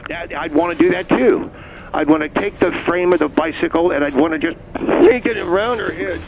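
A man playing an excitable, touchy police officer guest who stammers and flies into outbursts, in a comedy radio bit. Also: on the high side, a little fast, narrow, tinny audio, very noisy. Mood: indignant. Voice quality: stammering, gravelly. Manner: flustered, easily riled, outbursts. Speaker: comedic caller playing a cop.

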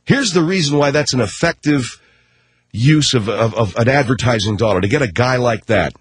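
A man's voice: mid-range voice, expressive, moderate pace, husky, no echo. A middle-aged man from the Los Angeles area, a radio host rambling through a sarcastic monologue.

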